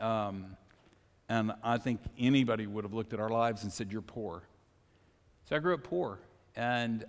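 Conversational pastor preaching in a reverberant hall. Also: male voice, medium pitch. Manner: conversational, personal storytelling, asks the congregation questions. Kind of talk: sermon. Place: church sanctuary.

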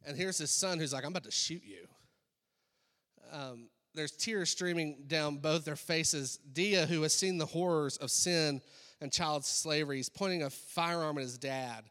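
A man preaching a sermon as pastor, talking in a relaxed conversational way with lots of ums and uhs. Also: a little high, normal speed. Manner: conversational preaching with many fillers. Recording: long echoey hall reverb.

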